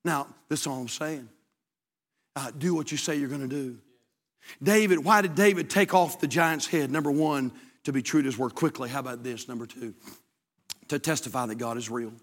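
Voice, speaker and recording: A man preaching a sermon in a church, shouting at the peaks and dropping to a hushed voice for stories. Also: mid-range voice, moderate pace. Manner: impassioned, builds to shouts, then drops to a hushed storytelling voice. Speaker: pastor. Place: church sanctuary. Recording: long hall reverb.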